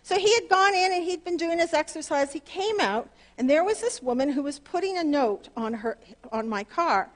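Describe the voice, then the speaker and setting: A woman pastor, preaching earnestly through a personal story, her voice leaping up on key words. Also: normal speed. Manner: earnest and animated, pitch leaps up on emphasis. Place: church sanctuary.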